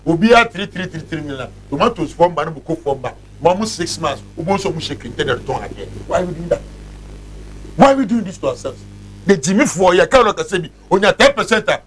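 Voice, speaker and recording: High-pitched ranting Ghanaian man. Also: a bit bright. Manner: agitated, ranting, mixes English with Twi. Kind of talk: heated studio talk show rant.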